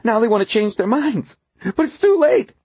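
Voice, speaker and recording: A man voicing a terrified, gasping middle-aged engineer who talks in a shrill, frantic rush. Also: sing-song, moderate pace, a little mellow, slightly rough, dry recording, full character voice.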